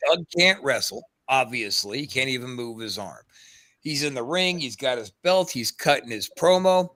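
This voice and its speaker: A man's voice: mid-range voice, expressive, moderate pace, sharp tone. A man, a podcast co-host, animatedly telling a wrestling story on a call and acting out the quotes, swearing freely. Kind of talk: casual storytelling on a video call.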